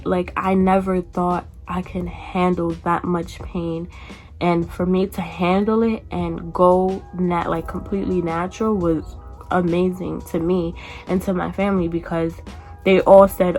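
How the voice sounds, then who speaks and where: A woman in her twenties chatting casually in a storytime vlog, acting out quoted people in a higher voice. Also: a little mellow. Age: 20s. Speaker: vlogger.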